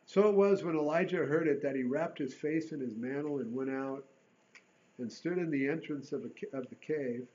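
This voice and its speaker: A man preaching a sermon with a fairly high voice. He is earnest, rising to emphatic bursts and sinking to a hush. The recording sounds dull and lo-fi. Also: moderate pace.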